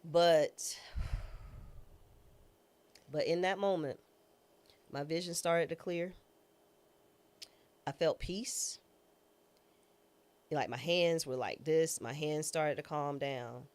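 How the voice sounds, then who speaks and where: A woman guest recounts a personal story with a low, grounded voice that stays in the lower register. She talks in a casual, informal way. She slips into other people's voices when quoting them as she tells the story. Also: slow, long pauses. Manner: lively storyteller who acts out quoted voices. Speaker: guest, former judge and trial attorney.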